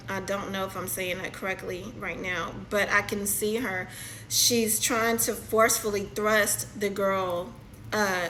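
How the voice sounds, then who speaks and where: A woman giving a channeled spiritual reading, halting and repeating herself as she describes what she sees, often checking in with "okay?". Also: mid-range voice, bright, forceful tone, slight background noise, rough recording. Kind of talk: channeled reading, narrating a vision.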